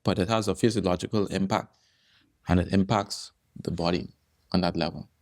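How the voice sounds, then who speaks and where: He speaks at a moderate pace in a low-pitched, steady voice. As a guest on a relaxed podcast, this holistic health doctor illustrates health topics with stories and leans on repeated phrases for emphasis.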